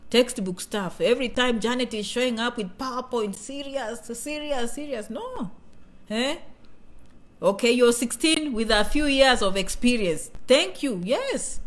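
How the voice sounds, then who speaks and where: A woman in her thirties from Kenya, hosting a casual live-stream chat with viewers, talkative and playful, often repeating phrases. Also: on the high side.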